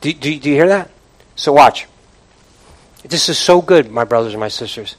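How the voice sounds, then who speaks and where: A man preaching a sermon, emphatic and repetitive, often dropping to a low, quiet voice and calling out questions to the congregation. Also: animated, moderate pace, rough recording.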